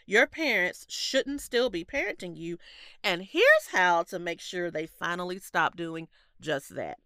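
A woman in her thirties, congested and stuffy-nosed, chatting casually as a podcast co-host with lively storytelling and frequent laughs. Her voice is bright, smooth and clear, close and dry with no room sound. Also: lowish voice, a little slow, no echo. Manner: laughs often, animated storytelling. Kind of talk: casual chat.

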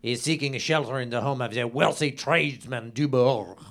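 Against a crowd in the background, a man speaks briskly in his natural voice, then plays a lecherous, pompous French nobleman for an improvised comedy podcast. He puts on a French accent and broken English, florid and lip-smacking, leering and boastful as he reads aloud theatrically. For the victim, he switches to a high, pleading voice.

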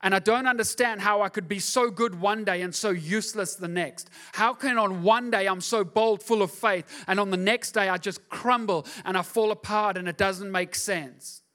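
High-voiced man preaching a sermon. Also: normal speed, few pauses, sharp tone. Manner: emphatic, repeats rhetorical questions. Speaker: pastor.

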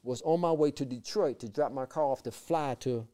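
A man telling his personal faith testimony as a guest, with lively repeated phrases and acted-out quotes. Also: mid-range voice, moderate pace. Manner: lively, repeats words, acts out quoted voices. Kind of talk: animated personal storytelling.

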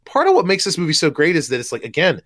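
Animated man gushing about a movie. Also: a little high, racing. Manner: enthusiastic, restarts often, swears. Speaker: podcast co-host. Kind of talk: casual movie chat.

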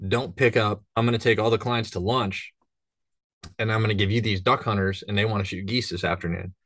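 A man's voice: lowish voice, fairly even intonation, a little fast, fairly bright tone, dry recording, clean studio sound. A man from northern Minnesota, a hunting guide, talking casually and rambling through stories. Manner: rambling storyteller, acts out voices. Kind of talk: casual podcast chat.

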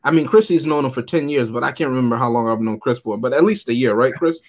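A man's voice: mid-range voice, fast. A man co-hosting a casual movie review chat, joking and teasing his co-hosts and reading out favorite quotes. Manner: joking, teasing, deadpan asides. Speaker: podcast co-host.

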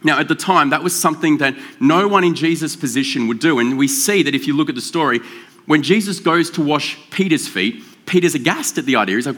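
A man preaching a sermon in a relaxed, joking, conversational way, slowing down to stress key words. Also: fairly high pitch. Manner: conversational and joking, with drawn-out emphasis. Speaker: pastor. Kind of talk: casual sermon.

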